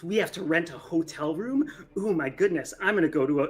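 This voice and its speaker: A man's voice: a little high, expressive, fairly quick, close to an everyday voice. A man voicing a pompous, rich male halfling who is clueless about money and talks grandly. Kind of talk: tabletop role-play voicing.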